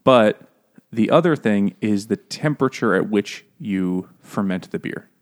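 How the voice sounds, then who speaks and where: Animated man in casual chat. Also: fairly low pitch, measured pace. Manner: jokey, laughs often, explains at length. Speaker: podcast co-host.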